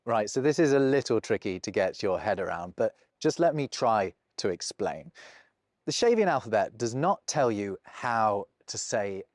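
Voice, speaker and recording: A man's voice: lowish voice, sing-song, normal speed, dry recording, studio quality. A man with a British received pronunciation accent giving a scripted, precise explainer narration. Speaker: language video presenter.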